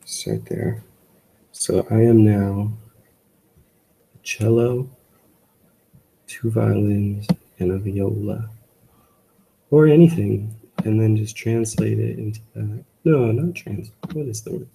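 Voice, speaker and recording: A man's voice: fairly low pitch, takes it slowly, creaky, pauses often, mellow, a little hiss or hum, rough recording. A man working as a music tutor, talking casually through a composition in a tutoring room, rambling and correcting himself as he goes. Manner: rambling, self-correcting, lots of "like".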